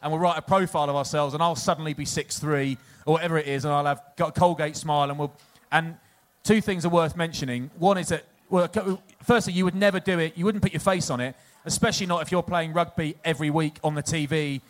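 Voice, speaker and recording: An English man in his forties tells rambling stories on stage and keeps laughing at his own punchlines. His voice sits a little high for a man, and he loses the thread and picks it back up as he goes. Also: steady tone, fast talker, few pauses. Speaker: podcast co-host, former rugby player. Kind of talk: live comedic storytelling.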